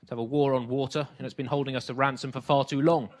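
A man performing deadpan satirical comedy, with a faux-serious tone and hesitant fillers. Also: medium pitch, fast, slight background noise. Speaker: comedy double act partner.

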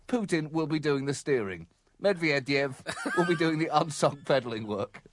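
A man's voice: a little high, animated, moderate pace, background noise. A man co-hosting a comedy podcast while ill, often chuckling through his lines. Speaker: co-host. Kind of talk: comedy podcast banter and scripted jokes.

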